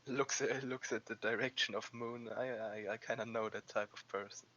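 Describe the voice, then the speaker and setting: Hesitant low-voiced man, dull audio. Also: fairly even intonation, moderate pace, pushed and bright, a little hiss or hum. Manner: hesitant, stumbling restarts. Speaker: player. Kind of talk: tabletop role-play, in and out of character. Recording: dull audio with faint music.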